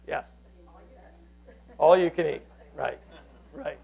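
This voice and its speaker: A pastor with a fairly high voice delivers a sermon. He tells the story earnestly and keeps restarting his phrases as he goes. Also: slow, vocal fry, darkish tone, poor audio.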